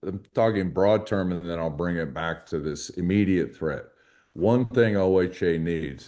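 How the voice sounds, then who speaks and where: A man with a fairly low voice speaks as a guest on a conversational podcast. His delivery is folksy and emphatic, and he tells stories while he argues his point. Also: a little mellow. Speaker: hunting rights advocate, guest.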